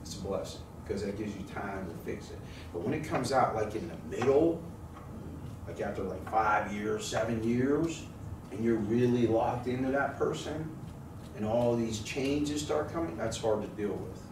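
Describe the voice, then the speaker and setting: A man's voice: lowish voice, normal speed. A man preaching a casual, jokey sermon, telling stories and calling on his congregation to answer back. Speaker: pastor. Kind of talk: conversational sermon. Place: church sanctuary. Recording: roomy, distant mic with noise.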